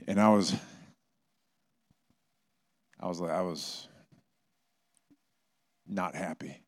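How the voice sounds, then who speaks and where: A middle-aged man preaches in a church sanctuary, speaking in a somewhat low voice. He tells stories conversationally, with animated bursts of energy. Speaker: pastor. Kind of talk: sermon with personal stories.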